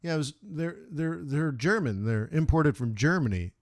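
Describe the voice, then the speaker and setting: An American man hosts a live forex trading stream, chatting casually and rambling through anecdotes that make him laugh. His voice is a little high and expressive at a moderate pace, in a dry, clean studio recording.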